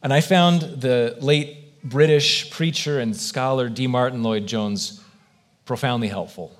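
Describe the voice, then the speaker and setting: A man preaching in a church, speaking in an earnest, reflective way and working through one question after another. His voice sits at an everyday middle pitch for a man, with nothing unusual in its tone. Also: unhurried. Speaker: pastor. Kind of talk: sermon.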